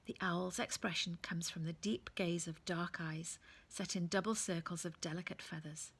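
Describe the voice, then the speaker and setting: A woman reading a children's book aloud in a gentle, often hushed storytelling manner. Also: lowish voice, steady tone, normal speed, husky.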